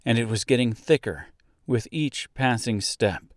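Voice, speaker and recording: Slow, measured male storybook narrator. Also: mid-range voice, lively intonation, dry recording, clean studio sound.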